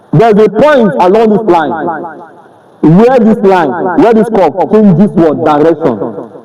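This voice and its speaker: A man's voice: high-pitched, dark tone. A man giving a maths lesson as a tutor, constantly posing questions for the class to finish and repeating key terms. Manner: call-and-response, keeps asking "what?" for the class to fill in. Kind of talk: classroom lecture. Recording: voice picked up from a distance.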